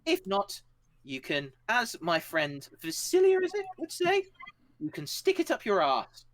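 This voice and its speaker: A man puts on a full character voice, pitched higher than his natural one, playing an eccentric, pompous president who rambles on grandly. His pitch swings hugely, his pace is measured, and his tone is fairly bright and triumphant.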